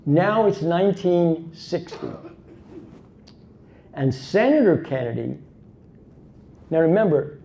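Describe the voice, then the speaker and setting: A man's voice: a little high, gravelly, mellow. A man giving a dramatic storytelling talk as a conference speaker, emphatic and full of rhetorical asides. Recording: dull lo-fi recording.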